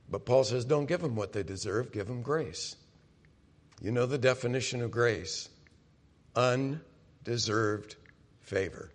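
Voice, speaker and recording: A middle-aged man preaching a sermon as pastor, talking conversationally and speaking directly to the congregation. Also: medium pitch. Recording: long hall reverb.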